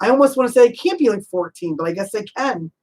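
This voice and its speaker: On a rough recording, a woman with a mid-range voice and lively intonation chats her way through a casual psychic reading. She laughs easily, calls the listener honey, keeps saying "you know," and asks probing questions in quick succession.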